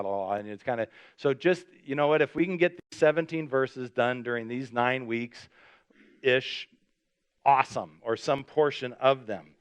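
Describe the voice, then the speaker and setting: Pastor, male, casual and animated sermon delivery with lots of fillers; smooth, resonant tone. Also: mid-range voice. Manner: lively storytelling, voice jumps up when acting out the scene; chatty, with many fillers. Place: church service.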